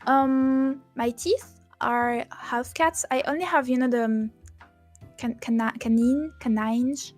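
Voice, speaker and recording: A woman chats casually as a guest on a stream, unhurried, playful and giggly as she hunts for her words. Her voice sits a little high, and faint music plays behind her on a desk mic. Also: darkish tone. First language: French. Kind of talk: casual chat.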